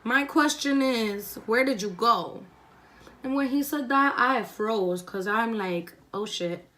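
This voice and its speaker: A woman's voice: on the high side, slow. A young woman vlogger telling a profane storytime while doing her makeup, acting out the voices of the people in it. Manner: animated, profane, acts out quoted voices. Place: indoors at home, doing makeup.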